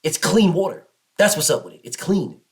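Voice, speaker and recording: A man's voice: very animated, moderate pace. Fired-up man ranting about the sport. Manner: emphatic, repetitive, mocks others in low put-on voices. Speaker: boxing commentary host. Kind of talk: passionate solo commentary rant.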